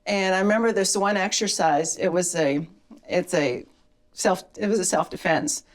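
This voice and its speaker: A woman's voice: lowish voice, normal speed. Woman podcast guest, firearms instructor; earnest, storytelling manner. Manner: earnest, storytelling, emotional at times. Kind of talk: casual podcast chat.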